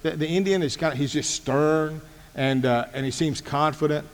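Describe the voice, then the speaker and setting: A man quoting a young woman in a story, in his own lowered voice, with long hall reverb. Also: fairly even intonation, normal speed, lightly acted. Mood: chatty.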